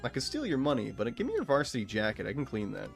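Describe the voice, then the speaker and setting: A man's voice: mid-range voice, huge pitch swings, quick pace, creaky, faint music behind. A man from Texas giving casual, rambling gameplay commentary as a streamer, swearing freely and laughing often.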